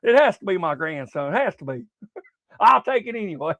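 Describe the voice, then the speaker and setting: Older guy, high voice, dry close sound, cussing sports talk host. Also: very animated, fairly quick, a bit bright, no room sound. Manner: profane, repetitive, stumbling restarts. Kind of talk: casual rambling sports talk.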